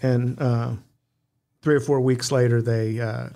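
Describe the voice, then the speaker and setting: A man's voice: mid-range voice, fairly even intonation, measured pace, creaky, warm tone. A man who was a fire officer, chatting easily on a podcast and agreeing with his co-host. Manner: easygoing, chimes in with agreeing asides. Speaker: podcast co-host, former battalion chief. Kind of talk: casual chat.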